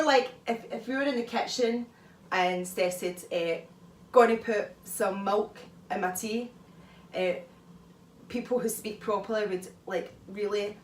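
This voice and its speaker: A woman vlogger talking through advice in a chatty, animated way, often laughing, recorded at home. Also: on the low side, a little hiss or hum. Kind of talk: casual advice talk. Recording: echoey room, mic far off.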